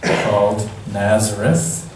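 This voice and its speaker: A man telling a Bible story to children in church, gentle and musing. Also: lowish voice, fairly even intonation, takes it slowly, background noise. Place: church sanctuary. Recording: echoey church hall from far off.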